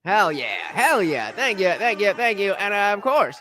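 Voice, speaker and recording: A man hosting a live stream, reacting to a clip and excitedly thanking donors, sometimes breaking into shouts. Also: high-pitched, normal speed. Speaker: livestream reaction host. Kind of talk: casual live-stream chat.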